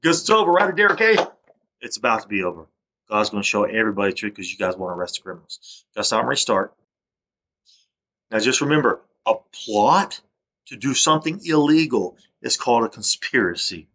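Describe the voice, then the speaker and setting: A man's voice: lowish voice, brisk, fairly bright tone. A man in a rambling, self-recorded monologue, stammering and restarting as he airs grievances. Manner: aggrieved, accusatory. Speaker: vlogger.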